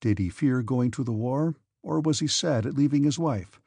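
A man reading a classic novel aloud as a volunteer audiobook narrator, at a measured, steady pace. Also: medium pitch, creaky, slightly rough, dry recording, clean studio sound. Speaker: audiobook reader. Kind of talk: scripted narration.

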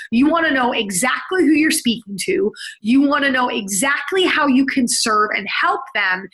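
A woman in her thirties talks straight to her listeners with lots of energy and emphasis. Her voice sits high and sounds bright and sharp. She coaches in a friendly, conversational way. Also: rough recording. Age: 30s. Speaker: podcast host. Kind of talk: solo podcast monologue.

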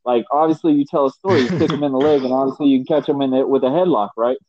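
A man hosting a casual podcast, telling stories with lively quoted voices. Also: medium pitch, very fast, slight background noise. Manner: animated storyteller, voices others in quotes. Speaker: podcast host. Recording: dry, dull lo-fi sound.

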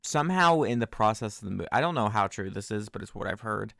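A man chatting casually at a desk microphone as he watches a movie, tossing out joking, animated asides. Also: fairly low pitch, quick pace, creaky, dry recording, clean studio sound.

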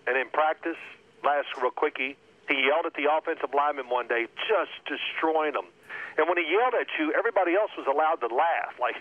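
A man, a former quarterback, telling animated locker-room stories as a radio interview guest. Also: a little high, brisk. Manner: animated storyteller acting out coaches' shouting. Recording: tinny phone line.

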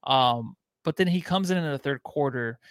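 A man's voice: medium pitch, moderate pace, no echo, studio quality. A young man co-hosting a casual sports podcast, talking in a laid-back, rambling way full of fillers. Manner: laid-back, rambling, lots of likes and ums. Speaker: podcast co-host.

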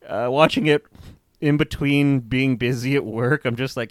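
A man's voice: mid-range voice, moderate pace, no room sound. A young man co-hosting a podcast in casual chat, rambling, laughing often and swearing freely. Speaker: podcast co-host.

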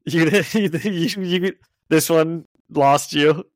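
A man co-hosting a podcast, casually recapping a kids' comic in a loose, laughing way with quick paraphrased quotes. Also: on the high side, dry recording. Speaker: podcast co-host. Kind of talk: casual chat, retelling a comic.

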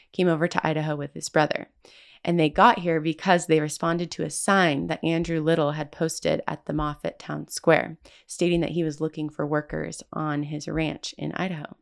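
A woman hosts a local history podcast, reading from a script and now and then slipping in casual asides to her listeners. Her voice sits on the low side and carries a gravelly edge, yet it stays smooth and resonant. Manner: reads from a script with quotes and asides. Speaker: podcast host.

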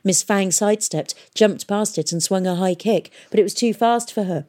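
A woman narrating an adventure audiobook in a measured, expressive storytelling manner. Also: mid-range voice.

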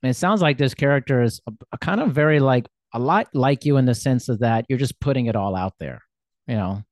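A man's voice: mid-range voice, expressive, fairly quick, no echo, clean studio sound. An American man hosting a casual interview, curious and laughing often. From United States. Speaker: podcast host.

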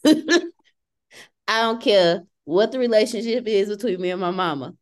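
A middle-aged woman hosting a casual podcast chat, telling stories and acting out quoted lines. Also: a little slow. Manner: animated storyteller, acts out quotes in shifting pitch.

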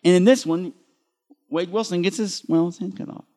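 A man hosting a movie podcast live at a convention panel, talking in an animated, sarcastic, jokey way. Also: sits high, normal speed, big-room sound. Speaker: podcast host.

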